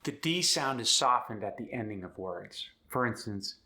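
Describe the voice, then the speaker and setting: A man's voice: fairly low pitch, animated, normal speed, sharp tone. A man teaching an in an upbeat, step-by-step tutorial. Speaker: accent coach. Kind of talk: instructional tutorial.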